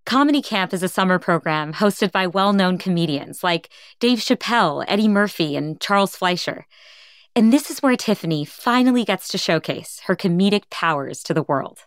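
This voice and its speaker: A woman host narrating the story in a calm, scripted way and asking her guest short questions. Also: fairly low pitch, normal speed, clear, resonant tone, no room sound, studio quality.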